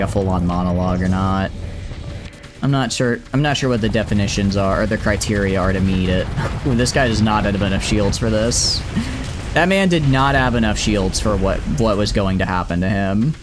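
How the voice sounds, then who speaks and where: A man's voice: lowish voice, background noise. A young man streaming a space strategy game, rambling chattily to his chat and his ships. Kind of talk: live gameplay commentary.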